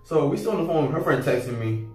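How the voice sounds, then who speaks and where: A young man telling a casual storytime, slangy and animated, acting out both sides of the conversation. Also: fairly high pitch, fast talker. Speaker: vlogger. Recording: echoey room heard from a distance, faint music.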